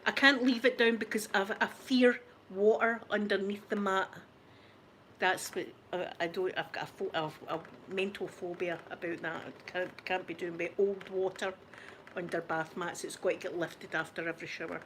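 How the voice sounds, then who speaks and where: This forties-aged Scottish woman, an ASMR channel host, tells self-mocking stories to her viewers in a casual chat, laughing frequently. Her pitch is fairly low and her tone steady and fairly bright, at a normal speed. There's slight background noise.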